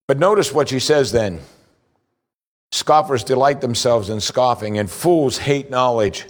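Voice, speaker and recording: An earnest male preacher works through a sermon, climbing in pitch to emphasize what matters. His scripture reading is noticeably slower.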